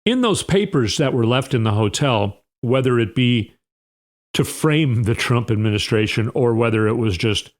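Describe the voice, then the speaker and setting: A man's voice: medium pitch, animated, moderate pace. A male podcast host talks through the news in a loose, rambling way. He is sarcastic and opinionated, with plenty of restarts. His voice sits in a middle register. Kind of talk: casual political commentary.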